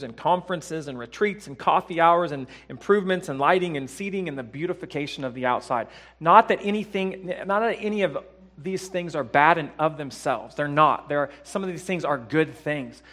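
Emphatic preacher with soaring loud peaks. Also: male voice. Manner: swings from hushed lows to loud emphatic peaks; rhetorical questions and repetition. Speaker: pastor. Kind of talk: sermon. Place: church.

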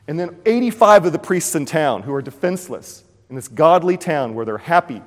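A man preaching a sermon, retelling a scripture story with animated storytelling, acting out the scenes and cracking puns. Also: fairly high pitch, brisk. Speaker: pastor. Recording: long hall reverb.

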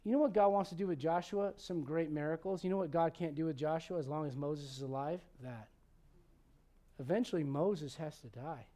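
A man with a notably high voice preaches a sermon in a loose, conversational way. He jokes, quizzes his listeners, and swings from forceful, loud emphasis down to quiet, almost muttered asides. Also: brisk. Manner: humorous, asks the congregation questions. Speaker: pastor.

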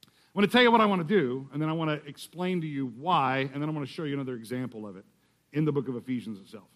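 A man with a high voice preaches a sermon in a church. He speaks conversationally, mixing scripture reading with joking asides. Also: racing, a bit bright. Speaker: guest preacher.

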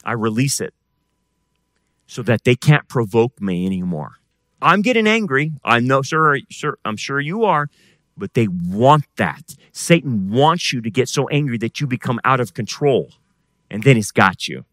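A pastor preaches with a lively, rising and falling voice. His tone is bright and forceful, and he swings between loud emphatic bursts and hushed, intense stretches. The sound is close and dry, with no room echo. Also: medium pitch, a little slow. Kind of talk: sermon.

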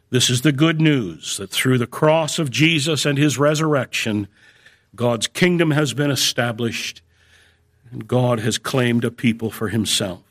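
Man preaching a measured sermon. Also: mid-range voice, a bit bright. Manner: measured, emphatic on key phrases, slows for stress.

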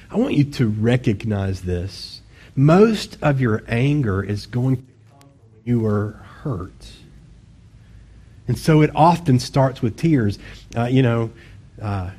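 A man's voice: mid-range voice, a little mellow, breathy edge. A man preaching a sermon in a conversational, self-deprecating way, with sudden bursts of intensity. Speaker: pastor.

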